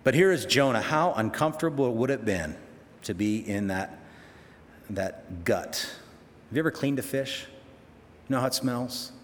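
A man's voice: mid-range voice, expressive, moderate pace, long pauses, in a large hall, a little hiss or hum. A man preaching a sermon, conversational and emphatic, full of rhetorical questions.

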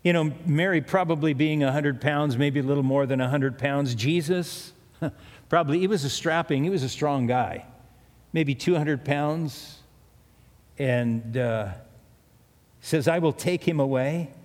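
A middle-aged man preaches, weaving scripture into relaxed personal stories as a pastor. His voice sits a little high for a man. The sound carries a long, echoing reverb, as if from a church hall. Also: measured pace. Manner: conversational storytelling preaching with asides. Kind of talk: sermon.

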